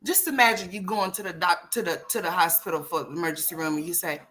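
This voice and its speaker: A woman's voice: fairly low pitch, fast, fairly bright tone. A woman hosting a casual reaction commentary, blunt, profane and teasing, with playful mock outrage. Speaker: commentary channel host.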